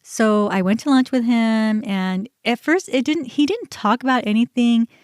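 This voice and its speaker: A woman's voice: fairly high pitch, moderate pace, smooth, no room sound, studio quality. A woman hosting a podcast, telling a personal story in a candid, conversational way. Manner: candid, conversational, animated when recounting. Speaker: podcast host.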